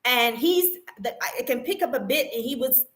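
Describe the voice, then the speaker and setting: A woman's voice: a little high, animated, moderate pace, fairly bright tone. A woman vlogger retelling a personal ordeal in an emotional, indignant way, stumbling and restarting as she talks. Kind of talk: personal story vlog.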